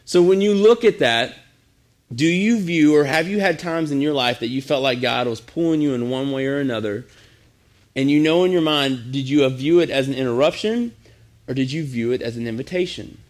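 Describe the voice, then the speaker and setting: A man's voice: mid-range voice, normal speed. A man as youth pastor giving a sermon in a casual, conversational way with frequent restarts.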